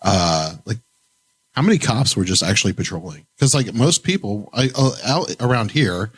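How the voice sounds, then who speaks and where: A man's voice: on the low side, expressive, moderate pace, a bit bright, slightly rough. A young man from Indiana co-hosting a podcast, telling stories in casual chat and laughing often. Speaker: podcast co-host.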